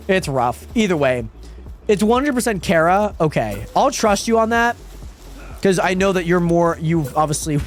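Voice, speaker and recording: A man streaming a game live, chatting casually with viewers and reading their messages aloud, often repeating himself. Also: sits high. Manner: chatty, reads chat aloud, trails off and repeats words. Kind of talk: casual live-stream chat while gaming.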